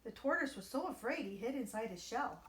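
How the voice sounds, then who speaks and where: A woman storyteller reading a children's picture book aloud with an expressive, animated delivery. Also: on the high side, brisk, reverberant, far from the mic.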